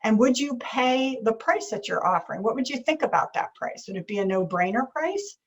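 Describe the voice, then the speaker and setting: A woman's voice: on the high side, animated, a little fast, low-quality recording. A woman business coach giving a conversational talk on a video call, often checking in with "right?". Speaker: business strategist and leadership coach.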